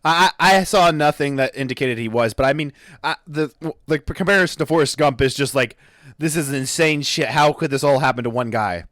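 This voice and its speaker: Brisk and fairly high-pitched, with a fairly bright tone, a man co-hosts a podcast in casual chat. He wanders off track, stumbles over words, and corrects himself as he goes. The recording is dry with clean studio sound.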